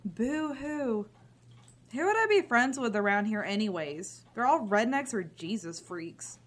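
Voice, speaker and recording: An actress playing a bitter, cynical grown daughter who talks with sarcastic scorn. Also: female voice, mid-range voice, sing-song, normal speed. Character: bitter cynical adult daughter living at home. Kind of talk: drama scene.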